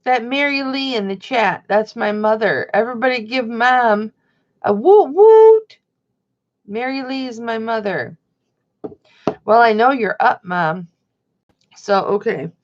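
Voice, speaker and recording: A woman's voice: fairly high pitch, unhurried. A middle-aged woman, hosting a casual livestream chat and reading viewer comments aloud. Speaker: livestream host. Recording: dull lo-fi sound.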